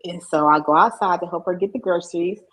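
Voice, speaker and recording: A woman's voice: on the low side, quick pace, fairly bright tone, low-quality recording. A middle-aged woman, a podcast guest, candidly telling a personal story and acting out the voices of people she quotes. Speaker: podcast guest, mindset coach.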